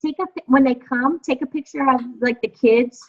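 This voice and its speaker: A woman's voice: high voice, moderate pace. Woman, team leader, chatty, encouraging, filler words, video call, dull lo-fi audio. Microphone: computer mic on a video call.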